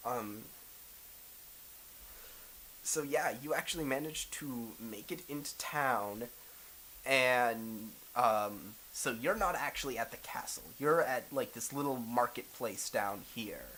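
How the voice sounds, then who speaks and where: A man's voice: mid-range voice, takes it slowly, a little hiss or hum, low-quality recording. Hesitant male game master. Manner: relaxed, hesitant, many fillers. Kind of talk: narrating a tabletop role-playing game.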